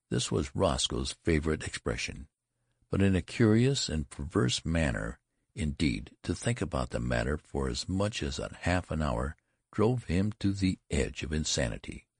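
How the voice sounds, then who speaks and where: Deep gravelly male audiobook narrator. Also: no room sound, studio quality. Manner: measured, expressive storytelling. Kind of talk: scripted narration.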